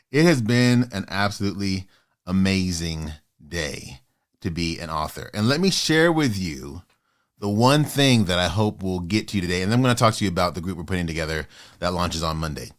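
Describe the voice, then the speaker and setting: A man in his fifties hosting his own motivational vlog, talking in a passionate, fired-up way with sudden loud bursts. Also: low voice, expressive, moderate pace. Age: 50s. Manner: acts out doubters in quoted asides. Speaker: author and channel host.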